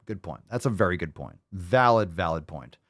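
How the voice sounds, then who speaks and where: A man's voice: low voice, expressive, moderate pace, background noise. A man hosting a podcast who reacts to clips in a mocking, profane, sarcastic way. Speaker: podcast host. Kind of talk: casual podcast reaction commentary.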